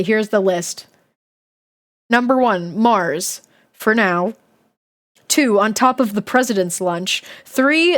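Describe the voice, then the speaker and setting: A woman streamer reading a children's book aloud to her live chat, often breaking off to giggle and make chatty asides. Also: on the high side.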